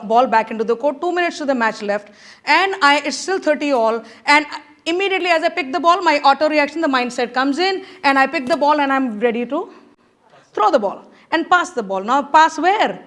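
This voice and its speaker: A woman giving a talk at a conference, telling a story in a lively way. She acts out voices and laughs as she goes. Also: sits high. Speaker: conference speaker. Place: conference hall stage.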